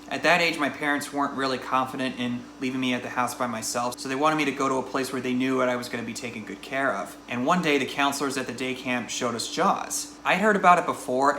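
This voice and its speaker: A man's voice: medium pitch, pushed and bright, echoey room, a little hiss or hum, rough recording. A man in his thirties giving a casual, chatty spoken movie review in an informal, conversational way. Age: 30s.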